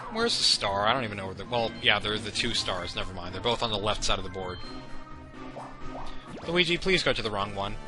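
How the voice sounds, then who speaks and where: A man's voice: on the low side, expressive, brisk. A young man giving meandering, self-deprecating commentary over gameplay, drifting into chatty tangents. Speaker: let's play commentator. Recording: game music under the voice. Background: game music.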